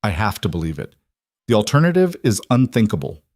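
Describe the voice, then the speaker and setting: A man voicing a devoted single father who speaks in an earnest, steady way, in a dry recording. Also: on the low side, a little fast, no echo.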